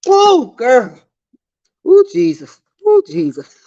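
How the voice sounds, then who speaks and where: A woman's voice: high voice, wildly swooping pitch, slow, mellow, full character voice. A woman voicing a brash, boastful middle-aged veteran man who scolds and brags with repetitive insults, on dull lo-fi stream audio.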